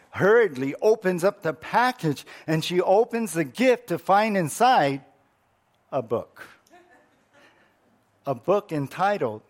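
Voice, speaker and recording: Slow, earnest male pastor. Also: a little high. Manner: measured, repetitive, earnest. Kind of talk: sermon.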